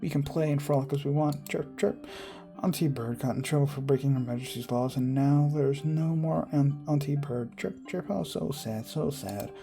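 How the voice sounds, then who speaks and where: A man's voice: on the high side, normal speed, creaky, over music. A man voicing a small talkative bird who repeats himself and chirps between phrases. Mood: gossipy.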